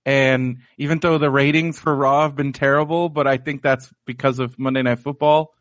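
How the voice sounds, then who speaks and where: A man's voice: medium pitch, fairly even intonation, normal speed, fairly bright tone, no room sound. A man co-hosting a wrestling podcast in casual chat, joking around and cursing freely. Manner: joking, loose and profane. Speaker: podcast co-host.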